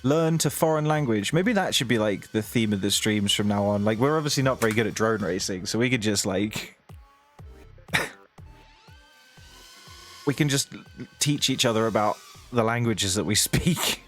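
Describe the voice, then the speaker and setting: A young man with a British accent chats loosely to his stream audience in a somewhat low voice. He rambles and breaks into laughter often, with faint music playing underneath. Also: animated, moderate pace, pauses often, fairly bright tone. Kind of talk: casual live-stream chat to viewers.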